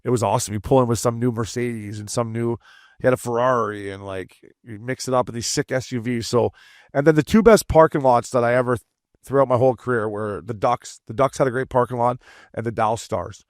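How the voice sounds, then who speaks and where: A man co-hosting a hockey podcast, telling profane, animated locker-room stories and acting out quotes. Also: medium pitch, brisk, no room sound, clean studio sound. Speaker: podcast co-host, former hockey player. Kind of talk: casual chat.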